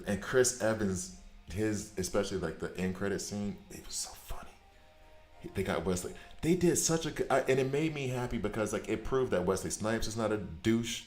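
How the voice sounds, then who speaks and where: A man streaming a game, chatting casually and telling rambling, animated stories. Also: on the low side. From United States. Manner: animated storyteller, rambling tangents. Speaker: gaming streamer. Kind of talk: casual chat while gaming. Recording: echoey room.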